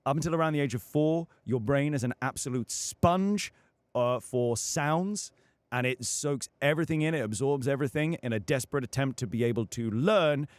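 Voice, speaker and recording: A man's voice: mid-range voice, normal speed, dry recording. A young British man, a voice actor being interviewed, explaining things thoughtfully with frequent fillers. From United Kingdom. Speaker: voice actor guest. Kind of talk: casual interview on a livestream.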